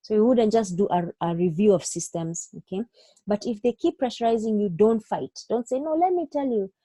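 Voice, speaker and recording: Woman, medical exam tutor, instructive, checks in often, mellow tone, mid pitch. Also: normal speed, no room sound. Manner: instructive, checks in with frequent "okay?"; acts out doctor and patient lines in her own voice. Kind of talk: online exam-prep lecture.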